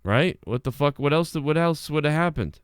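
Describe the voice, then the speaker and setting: A man's voice: a little high, expressive, normal speed, clean tone, no room sound, clean studio sound. A young man hosting a live stream, talking casually in a rambling way with lots of swearing and restarts.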